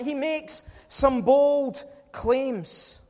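A man's voice: very high-pitched, very slow, a little mellow. A man preaching a sermon in a church, emphatic and full of rhetorical questions to the congregation. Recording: long hall reverb.

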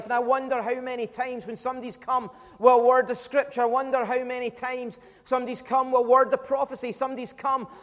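A man preaching with a strikingly high voice, leaning hard on his points and throwing rhetorical questions at the congregation. His words ring out with a long reverb from a church hall. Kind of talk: sermon.

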